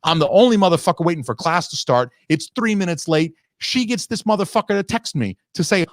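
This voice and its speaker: A man's voice: sits high, expressive, fairly quick, hardly any pauses, no echo, clean studio sound. A man hosting a podcast, telling a long, profane, ranting story in casual chat. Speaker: podcast host.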